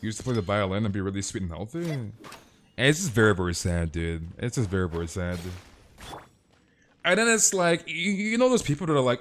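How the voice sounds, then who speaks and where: A man's voice: fairly low pitch, animated, a little fast, fairly bright tone. Ranting streamer guy saying "dude" a lot. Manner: swears and repeats himself. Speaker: game streamer. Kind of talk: casual stream chat.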